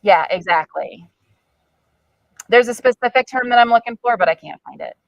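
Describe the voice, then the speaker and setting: A woman's voice: on the high side, expressive, moderate pace, gravelly, dull audio. A woman giving a live training talk to a group in a room, conversational and often searching for words mid-sentence. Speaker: de-escalation trainer.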